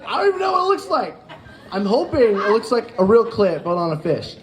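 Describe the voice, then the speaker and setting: A man's voice: high-pitched, huge pitch swings, brisk, a crowd in the background. A man doing a stand-up set on a club stage, rambling with lots of fillers and laughing at his own jokes. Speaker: stand-up comedian. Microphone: handheld stage mic. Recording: live club audience audible. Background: audience laughter.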